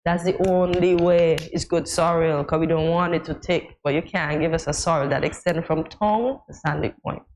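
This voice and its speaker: A woman's voice: sits low, steady tone, normal speed, hardly any pauses, darkish tone, slight background noise, poor audio. A woman with a Kittitian accent co-hosting a morning show, teasing and emphatic in casual studio banter. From St Kitts and Nevis.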